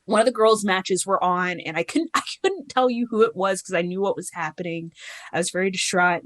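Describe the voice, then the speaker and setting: A woman's voice: mid-range voice, fairly quick, no echo. Candid woman telling her story, dry sound. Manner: candid, rambling, acts out quoted voices. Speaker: guest. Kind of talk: casual interview storytelling.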